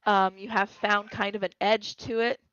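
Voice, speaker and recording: A woman narrating as game master of a tabletop game, unhurried and hesitant with fillers, on a voice call. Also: mid-range voice, level tone, fairly bright tone, dry recording, lo-fi sound. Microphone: headset over voice call.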